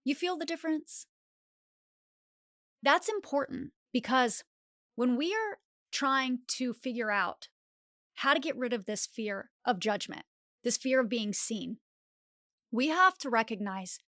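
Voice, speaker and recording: Animated woman, higher pitch, dry mic. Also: unhurried, long pauses, no room sound. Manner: animated, acts out inner voices with filler "like". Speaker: podcast host. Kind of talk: motivational self-help monologue.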